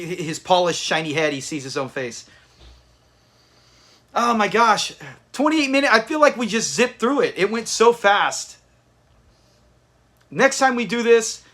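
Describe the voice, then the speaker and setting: A man's voice: high-pitched, bright, forceful tone. A man hosting a live watch party, chatting casually with viewers and thanking them by name. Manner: chatty, reads out viewer names, restarts often.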